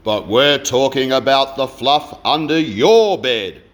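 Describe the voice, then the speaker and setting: A man's voice: medium pitch, lively intonation, takes it slowly, fairly bright tone. A man voicing a stern father who lectures his youngest son, in a poem reading. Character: stern father backing up the mother.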